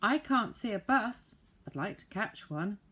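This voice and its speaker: A woman voicing a peculiar old saucepan man from a storybook who is hard of hearing and talks in a shrill, squealing voice. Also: animated, a little slow, a bit bright, breathy edge. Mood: puzzled. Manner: shrill, squealing, mishears words. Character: odd old saucepan man, half deaf, fretful.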